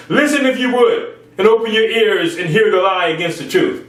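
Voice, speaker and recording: Recorded at a distance in an echoey room, this preacher gives an informal sermon in a high-pitched, fairly quick, slightly bright voice. He repeats phrases for emphasis and mimics others in raised tones.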